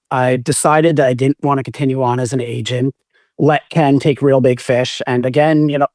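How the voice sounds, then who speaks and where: A forties-aged music manager, a guest on a podcast, tells long, wandering stories that he keeps correcting mid-flow. His mid-range voice has a darkish tone, recorded dry with studio quality.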